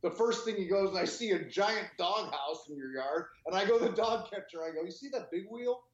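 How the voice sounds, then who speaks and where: Brief: male co-host, heated and foul-mouthed, slightly high voice, echoey dull lo-fi recording. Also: brisk. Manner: profane, heated and animated. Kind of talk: casual podcast storytelling. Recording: roomy, dull lo-fi sound.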